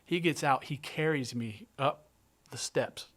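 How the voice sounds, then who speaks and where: A man's voice: mid-range voice, unhurried, fairly bright tone. Man guest, casual storyteller, present-tense and blunt, trips over his words. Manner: vivid present-tense retelling, swears, frequent restarts. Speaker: guest artist.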